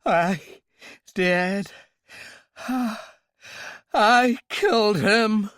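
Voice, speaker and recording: A man's voice: high-pitched, extremely slow, a bit bright, smooth, no room sound, clean studio sound, pitched above the performer's own voice, heavily acted. An audiobook reader voicing a terrified, suffocating male villain who pleads and shrieks for his life, gasping and out of breath. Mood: desperate confession.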